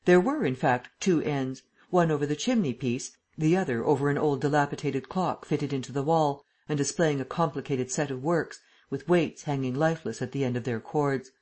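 A reader narrating a classic novel as an audiobook in a steady, measured way. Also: medium pitch.

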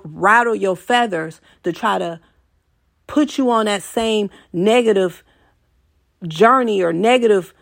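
A woman's voice: mid-range voice, gravelly, no echo, studio quality. A woman hosting a venting show, giving a blunt, preachy, casual encouraging monologue that swears freely.

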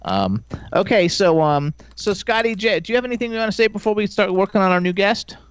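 A male radio host talks casually between segments on a live show, peppering his speech with fillers. His voice is high and smooth. The studio sound is dry and a little dull. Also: expressive, a little fast, no room sound. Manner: chatty, filler-heavy.

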